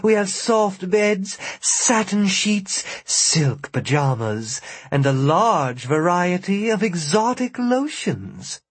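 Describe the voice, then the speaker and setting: A man's voice: high voice, big pitch swings, slow, few pauses, slightly rough, no echo, pitched above the performer's own voice, exaggerated voice. A man voicing a coy young woman who eagerly plays hostess, in a sweet, coaxing voice.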